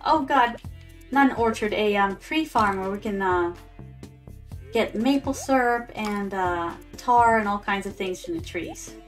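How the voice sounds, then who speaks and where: A woman's voice: medium pitch, animated, unhurried, faint music behind. A woman streaming a farming game, chatting casually with her viewers, calling them her darlings and dropping in Japanese words. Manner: chatty, talks to chat as "my darlings". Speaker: VTuber streamer. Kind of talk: casual gameplay commentary.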